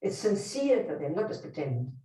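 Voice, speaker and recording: Animated, blunt woman teaching in a hall. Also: medium pitch, normal speed, far from the mic. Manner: emphatic, blunt storytelling with direct questions to listeners. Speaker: Buddhist nun teaching a workshop. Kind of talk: teaching talk to a live group. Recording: roomy hall, speaker away from the mic.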